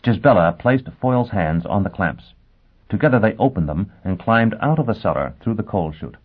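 A man narrating a story in a measured, dramatic way. His voice sits fairly low. The sound is thin and tinny, like a phone line. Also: animated, breathy edge. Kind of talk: audiobook narration.

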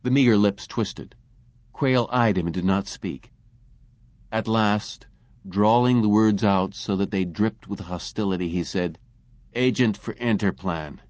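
A man reading a science fiction story aloud as an audiobook narrator, in a measured way. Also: lowish voice, a little mellow, no echo, highs cut off. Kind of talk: scripted narration.

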